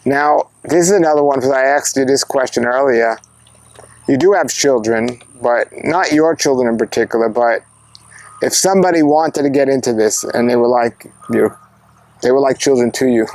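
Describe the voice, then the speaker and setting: The host of a fruit-growing channel interviews a farmer, then signs off with enthusiastic, upbeat presenting. His voice is mid-range and a little mellow.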